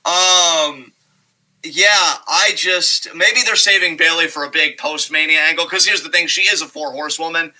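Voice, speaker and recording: A man co-hosting a wrestling review show, chatting casually, excitable and profane, often breaking into laughter. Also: fairly high pitch, moderate pace, rough recording. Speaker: podcast co-host.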